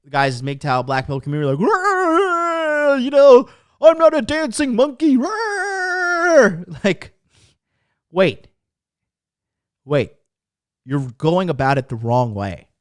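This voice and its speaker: A man's voice: medium pitch, dry recording, clean studio sound. A man hosting a live-streamed dating talk, telling stories in a crude, blunt, profane way. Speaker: dating coach host. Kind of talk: live-streamed casual monologue.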